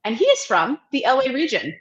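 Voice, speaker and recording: A woman's voice: high-pitched, wildly swooping pitch, brisk. A woman co-hosting a casual chat, chatty and irreverent, swearing and laughing often, heard over a video call. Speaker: co-host. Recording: dull lo-fi call audio.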